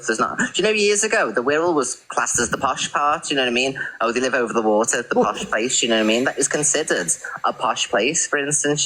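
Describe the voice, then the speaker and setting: Host: man, bright forceful tone, chatty rant full of fillers. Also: mid-range voice, poor audio. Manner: rambling, lots of fillers. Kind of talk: casual reaction commentary.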